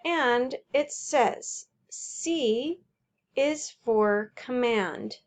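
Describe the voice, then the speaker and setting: A woman teacher explaining a homework sheet in a slow, careful way, walking through examples. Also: on the high side.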